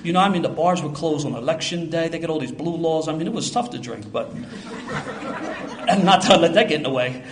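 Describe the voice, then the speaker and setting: An older man with a Philadelphia accent tells a streetwise, self-mocking story to a live audience at a quick clip. His voice sits a little high for a man, and faint noise runs behind him. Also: animated.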